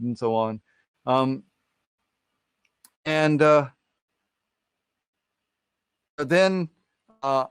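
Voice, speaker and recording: A man tells a folktale on a live stream in a loose, rambling way, checking in with his listeners constantly. His voice is clear and smooth, recorded up close with a dry sound. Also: fairly high pitch, animated, slow, long pauses, no echo. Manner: rambling, filler-heavy, keeps asking "right?".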